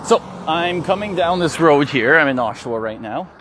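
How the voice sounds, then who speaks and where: A man's voice: on the high side, expressive, normal speed, a bit bright, a little hiss or hum. A man vlogging while walking his dogs down a city street, telling a story frankly and with feeling, with swearing and restarts, into a phone he holds. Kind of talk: casual walk-and-talk vlog.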